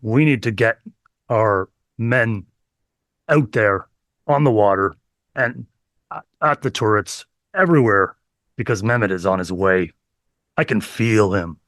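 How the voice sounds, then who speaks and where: A man's voice: on the low side, animated, unhurried, long pauses, fairly bright tone, dry recording, clean studio sound. A man playing a pompous boastful emperor. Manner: pompous, self-praising. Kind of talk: improvised comedy role-play.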